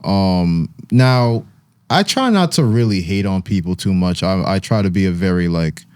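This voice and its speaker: A man's voice: low-pitched, animated, moderate pace, a little mellow, smooth. A man hosting a casual sports and music podcast, joking with friends while trying to move the show along. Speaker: podcast host. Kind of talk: casual chat.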